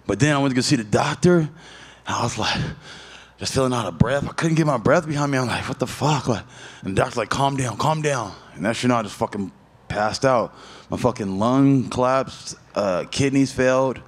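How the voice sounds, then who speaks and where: Man, 30s, fighter at media day. Casual, profane, animated storyteller. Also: medium pitch, a little fast, husky. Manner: loose, profane storytelling with animated voiced asides.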